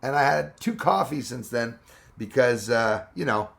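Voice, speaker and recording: A man's voice: medium pitch, expressive, unhurried, vocal fry, a bit bright. A man hosting a live stream, chatting casually and rambling as he answers viewers' comments with frequent laughs.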